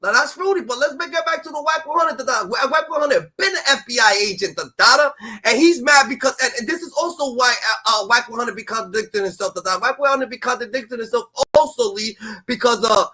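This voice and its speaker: A man hosting a stream, rambling in casual street talk with lots of fillers and sudden loud outbursts. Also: very high voice, fast talker. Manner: rambling, animated, filler-heavy, slips into loud impressions. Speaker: stream host.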